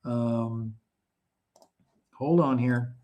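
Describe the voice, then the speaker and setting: Hosting a live online show from Poland, a man speaks very slowly in a medium-pitched, steady, slightly mellow voice. It's casual live-stream hosting: he chats and thinks aloud while dealing with technical hiccups, picked up through a video-call microphone.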